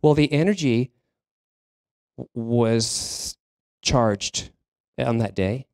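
A man preaching a sermon as minister of a spiritual congregation, talking in a halting way, with fillers and restarts as he searches for words. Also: mid-range voice, a little mellow, no room sound, clean studio sound. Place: church sanctuary.

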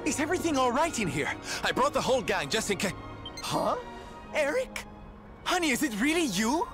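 A flamboyant, theatrical showman from a video game, doting on everyone around him with a lively, swooping delivery. Clear game music plays behind him. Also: very high-pitched, moderate pace. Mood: surprised. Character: flamboyant, affectionate man who calls everyone darling.

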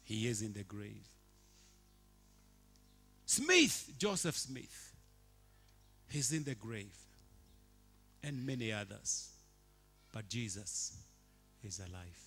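Bishop with a forceful preaching voice. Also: male voice, on the low side, slow pace, long pauses, slightly rough, faint music behind. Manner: animated, swings from quiet to shouting. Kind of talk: sermon. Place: church.

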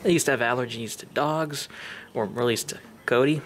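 A man vlogging as he talks to his dog in soft, doting baby talk that often drops to a half-whisper, picked up by a camera microphone. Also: mid-range voice, normal speed. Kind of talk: casual vlog talking to his dog. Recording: noisy home video recording.

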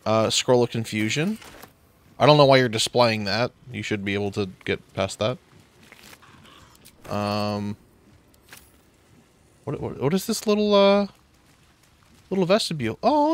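A man's voice: mid-range voice, sing-song, moderate pace, pauses often. A man chatting casually while playing a game, joking around and reading game text aloud. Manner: jokey, rambling, reads in-game text aloud. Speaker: gamer playing a video game. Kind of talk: casual gameplay chat.

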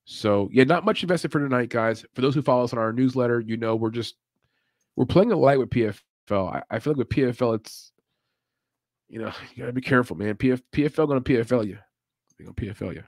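A laid-back man talks through a live stream in loose, casual commentary, laughing often. His voice sits at an ordinary middle pitch. The sound is dry and close, with no room around it. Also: fast, dry recording. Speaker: podcast host.

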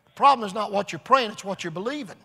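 A man preaching a revival sermon, earnest and repetitive, building to shouts. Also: high voice, expressive, quick pace, creaky. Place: large church hall. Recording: long hall reverb.

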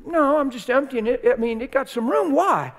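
A man's voice: extremely high pitch, lively intonation, normal speed, a bit bright, long reverb tail, voice pushed up. A man voicing an easygoing eighteen-year-old store worker, with a casual, friendly, surprised manner. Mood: curious.

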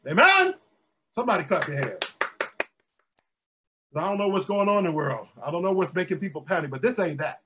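A pastor preaching a sermon, calling out to his congregation and rising to shouts, recorded in a closed room with its windows blacked out for filming. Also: high-pitched, a little fast, pauses often, background noise.

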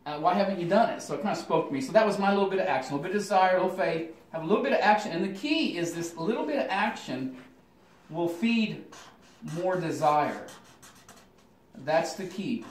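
A man's voice: high-pitched, animated, fast talker, slight background noise. A middle-aged man talking casually on his own channel, folksy and rambling with lots of fillers and restarts. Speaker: channel host. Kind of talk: rambling casual vlog talk. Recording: echoey room, mic at a distance.

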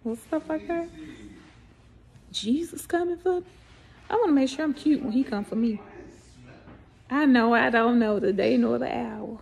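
This older Southern US vlogger chats playfully through a casual mukbang, eating, laughing a lot, preaching, and singing snippets as she goes. Her voice is on the high side, gravelly and darkish in tone, at normal speed with long pauses.

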